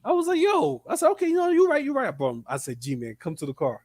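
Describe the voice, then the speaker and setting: Animated high-voiced man telling a story. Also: fast, dry recording, studio quality. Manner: animated storytelling, acts out quotes. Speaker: guest storyteller. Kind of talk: casual chat.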